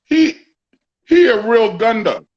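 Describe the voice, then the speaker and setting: A man's voice: very high-pitched, very animated, slow pace, lo-fi sound. A man hosting a casual talk, telling a story with lots of profanity and quoted dialogue. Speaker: podcast host.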